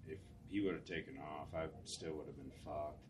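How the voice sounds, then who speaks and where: A man's voice: very deep voice, steady tone, moderate pace, distant mic. A middle-aged man co-hosting a podcast, telling rambling, profane anecdotes in casual chat. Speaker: podcast co-host. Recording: noisy, off-mic.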